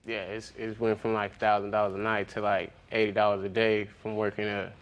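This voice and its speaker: Young guy on a tv court show, rambly, lots of like and um, kinda low voice. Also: level tone, a little fast. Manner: rambling, filler-heavy, slangy. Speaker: litigant. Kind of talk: casual testimony on a TV court show.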